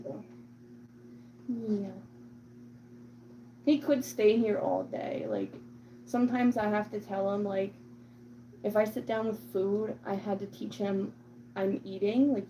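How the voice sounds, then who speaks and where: Creaky-voiced woman chatting about her cat. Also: medium pitch, fairly even intonation, slow pace, long pauses, warm tone, muffled recording, a little hiss or hum. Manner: chatty, rambling, full of "like" and "um"; slips into cooing baby talk to her cat. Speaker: cat owner vlogger. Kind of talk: casual chat to camera.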